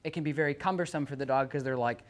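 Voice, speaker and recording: A dog trainer working with a dog in front of its owner. The trainer explains calmly to the owner, then calls out commands and loud, high praise to the dog. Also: racing. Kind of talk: hands-on training demonstration.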